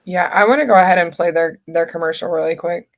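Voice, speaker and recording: A woman hosting an internet radio talk show, speaking casually with many halting fillers and restarts. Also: fairly low pitch. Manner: halting, filler-heavy speech.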